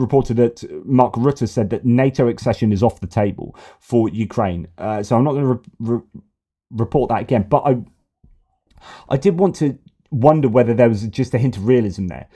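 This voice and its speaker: A man's voice: mid-range voice, mellow. A man giving sarcastic, exasperated political commentary, often repeating himself. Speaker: news commentator.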